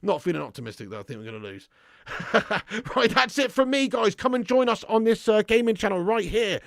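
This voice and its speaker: A man's voice: sits high, very animated, brisk, creaky, no room sound, studio quality. A man hosting a football fan live stream, chatting casually and reading out viewer comments with blunt, upbeat banter. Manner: blunt banter, loud and upbeat when hyping. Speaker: football fan channel host.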